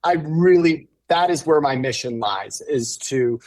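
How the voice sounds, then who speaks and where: A man guest on a podcast, an animated, emphatic storyteller. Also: a little high, measured pace. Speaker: guest, author and keynote speaker. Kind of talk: casual podcast interview storytelling.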